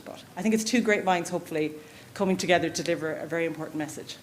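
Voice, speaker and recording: A woman's voice: lowish voice, rapid-fire, slight background noise. A woman speaking at a conference, telling a story in a chatty, self-deprecating way. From Ireland. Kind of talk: conference presentation.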